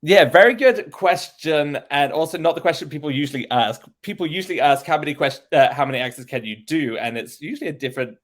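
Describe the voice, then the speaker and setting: Male guest, English accent, measured and articulate, mid-range voice. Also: mid-range voice. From England. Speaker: accent coach. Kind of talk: interview guest, explaining.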